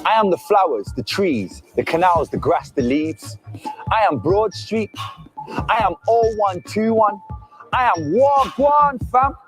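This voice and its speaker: A man's voice: high voice, lively intonation, a little slow, faint music behind. A man performing spoken-word poetry in a rhythmic, declamatory way.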